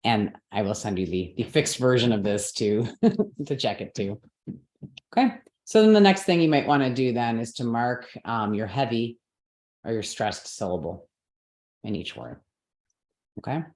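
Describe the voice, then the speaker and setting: A woman teaching a live class, explaining step by step, checking that her students follow, and correcting her own slips out loud. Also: extremely low pitch, reverberant. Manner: patient, step-by-step explaining with frequent checks for understanding.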